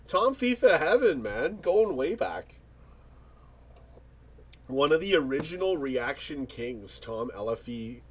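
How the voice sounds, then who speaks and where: A man hosting a casual livestream, reading viewer comments and chatting in rambling, joking banter with frequent restarts. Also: medium pitch. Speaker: livestream host.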